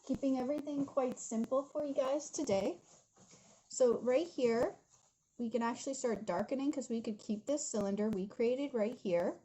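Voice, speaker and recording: A woman's voice: fairly high pitch, a little mellow, a little hiss or hum, poor audio. A young woman talking viewers through a drawing tutorial from her home studio, chatty and giggly, calling them guys as she goes. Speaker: art instructor.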